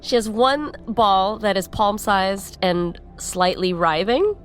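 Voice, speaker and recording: A woman playing a tabletop game, playfully describing what her character does. She talks at an unhurried pace with a lively, animated pitch. Faint music sits behind her. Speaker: player.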